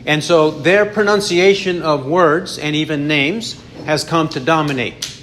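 A man's voice: a little high, a little slow, fairly bright tone, slight background noise. Man teaching a Bible study. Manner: explanatory, with frequent restarts and self-corrections.

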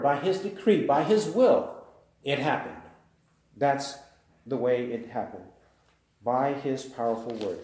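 A man's voice: on the high side, dark tone. A man preaching a sermon, emphatic and repeating key phrases for weight. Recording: very echoey hall.

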